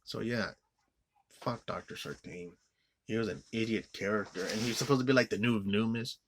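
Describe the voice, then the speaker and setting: A man's voice: fairly low pitch, normal speed, background noise. A man giving an angry, profane movie review rant, rambling with many restarts and fillers. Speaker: film reviewer.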